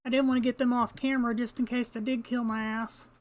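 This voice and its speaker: High-voiced older woman chatting while gaming. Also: level tone, fast talker, darkish tone. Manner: chatty, talks to herself, laughs often, mild cursing. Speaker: gamer. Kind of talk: casual gameplay commentary.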